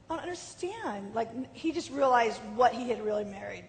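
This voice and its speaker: A woman giving an animated personal testimony, acting out quoted voices, swinging from lively to low and subdued. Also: brisk. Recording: hall reverb with faint background noise.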